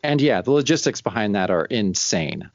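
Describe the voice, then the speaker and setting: A man's voice: lowish voice, expressive, normal speed, no room sound, dull audio. A man co-hosting a casual comic book podcast, rambling and acting out lines of dialogue. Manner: rambling, acts out dialogue in silly voices. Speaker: podcast co-host.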